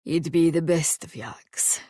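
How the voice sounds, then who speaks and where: A woman's voice: lowish voice, normal speed, a little mellow, dry recording, lightly acted. Woman reading as a stern immortal swordsman. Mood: steady, formal. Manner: formal, clipped, dry. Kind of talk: audiobook character reading.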